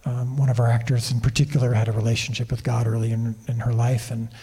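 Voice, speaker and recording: A man's voice: medium pitch, fast, slightly rough. A man telling behind-the-scenes stories as an interview guest on a convention stage, with many restarts. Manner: animated anecdotes with frequent restarts. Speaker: TV series creator and director, interview guest.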